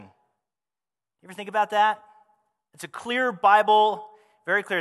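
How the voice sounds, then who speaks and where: Animated but a little slow, a pastor delivers his sermon with long pauses, his high, bright voice edged with tension. He addresses the congregation conversationally and tosses out rhetorical questions. A long reverb trails each phrase, suggesting a large hall.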